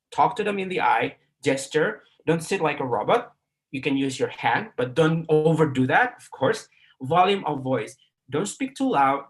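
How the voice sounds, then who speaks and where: A middle-aged man from Indonesia with an Indonesian accent, giving a live online English class, full of fillers and repeated words, often checking with "right?". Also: on the high side.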